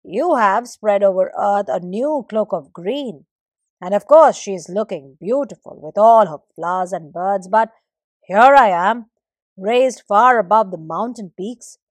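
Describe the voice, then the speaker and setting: A woman telling a story and voicing the sky, an old father figure who loudly complains to his son. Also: mid-range voice, expressive, a little slow, no room sound. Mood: aggrieved. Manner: loud, aggrieved complaining.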